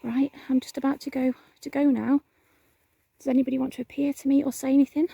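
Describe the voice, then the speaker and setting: A woman's voice: high-pitched, little pitch movement, quick pace, gravelly, warm tone, no echo. A woman vlogging a night ghost hunt in a cemetery, often whispering and calling out to spirits. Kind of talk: hushed vlog narration.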